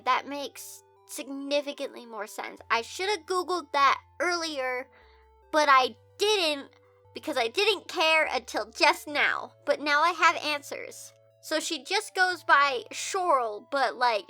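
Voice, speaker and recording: A young woman reading a fan story aloud and reacting with incredulous, swearing commentary, often breaking into high shrieks of confusion. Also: bright, forceful tone.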